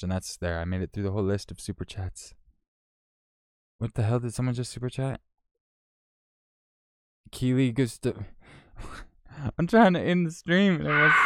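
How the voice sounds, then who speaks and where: A man's voice: lowish voice, clean tone, no room sound, studio quality. A man chatting casually on a live stream, thanking donors by name in a laid-back way, swearing and laughing as he goes.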